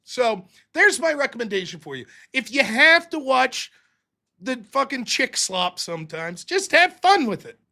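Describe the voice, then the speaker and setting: Animated, profane man hosting a livestream. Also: very high voice, measured pace. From United States. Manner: profane, rambling, jokey. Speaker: livestream host. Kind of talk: casual livestream commentary.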